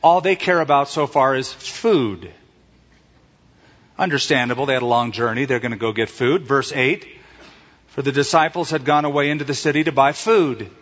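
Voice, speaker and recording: A man preaching a sermon as a pastor, telling stories in an animated way and acting out the voices he quotes, recorded in a church sanctuary. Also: mid-range voice, normal speed. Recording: reverberant hall, dull lo-fi sound.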